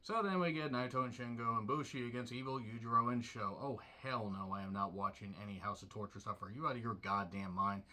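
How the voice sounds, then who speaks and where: Male host of a solo review show. Blunt and sarcastic, swears freely, bright and forceful voice at an ordinary pitch. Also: brisk, few pauses.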